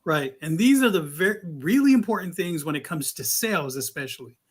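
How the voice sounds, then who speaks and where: A man co-hosting a live studio chat, telling a customer-service story in a casual, animated way and acting out a caller's voice. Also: on the high side, a little fast, slightly rough. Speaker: co-host.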